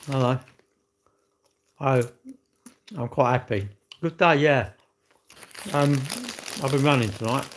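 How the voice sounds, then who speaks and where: A man's voice: mid-range voice, slow pace, long pauses, a little hiss or hum. A man, chatting casually on a livestream from home, rambling and greeting viewers by name as he goes. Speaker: livestream host. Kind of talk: casual live-stream chat.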